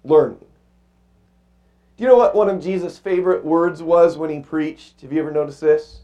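A male pastor preaching a sermon with a cracking voice, reading scripture slowly and emphatically and asking the congregation questions. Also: a little high, dull audio.

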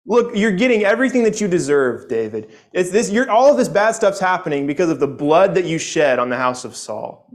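A man's voice: high-pitched, big pitch swings, a little fast, voice pushed up. A man voicing an angry man who screams accusations and curses at a king during a Bible lesson. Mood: scornful. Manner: shouting insults, accusing.

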